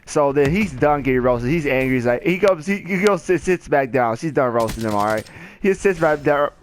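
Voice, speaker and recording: A young man with a fairly high voice tells a rambling story time over his gameplay. He jumps into the voices of the people he quotes and keeps it loose and animated. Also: fairly quick, slight background noise. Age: young adult. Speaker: gaming channel host.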